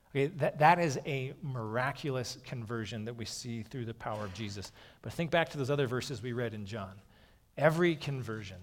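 A man preaching a sermon in a relaxed, conversational way, often pausing to say "okay". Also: mid-range voice, in a large hall. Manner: conversational, frequently saying "okay". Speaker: pastor.

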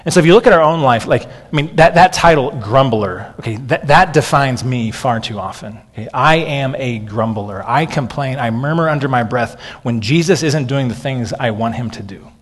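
A pastor in his thirties preaches to his congregation in a loose, conversational way, stumbling over words and leaning on "okay." His voice sits at an ordinary middle pitch. It rings out with a long reverb tail, as in a large hall. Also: brisk, few pauses. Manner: conversational, frequent "okay" and restarts. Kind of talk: sermon.

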